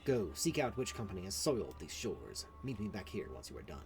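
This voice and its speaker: A brooding, grim woman investigator, voiced by a man reading game quest text speaks low and slow. Her delivery is dark and ominous, with lively swings in pitch. Faint game music plays behind her.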